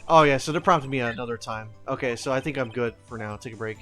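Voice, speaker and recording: A male streamer hosts a live game session in a casual, chatty way, breaking into laughter often. His pitch is ordinary, and faint music runs underneath. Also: fast talker, few pauses, sharp tone. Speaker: streamer host. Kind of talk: casual let's-play chat.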